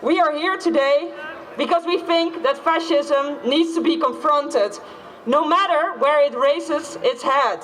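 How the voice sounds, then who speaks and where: A woman giving a steady, declamatory speech as an activist at an outdoor rally. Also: high-pitched, unhurried. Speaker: activist speaker. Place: outdoor city square rally.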